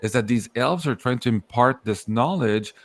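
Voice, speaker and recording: Podcast host, male, lively swooping delivery, casual and swears freely. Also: mid-range voice, normal speed, no room sound. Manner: animated storytelling, swears casually, acts out quotes.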